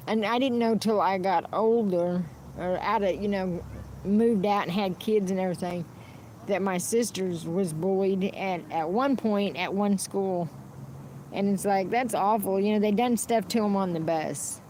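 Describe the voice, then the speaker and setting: A woman's voice: medium pitch, unhurried, darkish tone, slight background noise. A woman streaming a rambling, unscripted monologue, blunt and profane, often restarting her sentences. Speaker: livestreamer.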